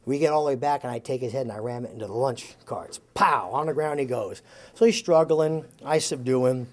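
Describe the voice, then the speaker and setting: A man telling a long anecdote in an interview. He acts out the quoted lines with lively changes of voice and chuckles as he goes. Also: mid-range voice, brisk. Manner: chuckles while telling the story. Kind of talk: animated storytelling.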